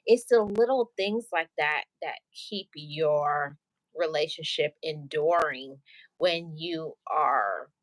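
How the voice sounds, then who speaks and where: A woman's voice: low voice, fairly bright tone, no room sound, poor audio. A woman hosting a casual chat about relationships, talking earnestly and asking rhetorical questions. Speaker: channel host.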